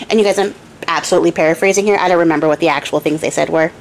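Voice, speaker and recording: A woman's voice: fairly low pitch, fairly even intonation, very fast, a little hiss or hum, poor audio. A young woman host casually retelling a fairy tale with jokey asides and lots of fillers, on a close home mic. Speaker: storyteller and craft channel host.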